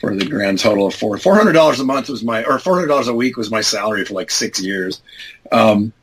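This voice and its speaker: Husky man in his fifties telling stories. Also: animated, a little fast, low-quality recording. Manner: acts out quoted dialogue with big jumps in pitch; rambling, self-correcting, many fillers. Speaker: interview guest. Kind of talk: casual anecdotal storytelling.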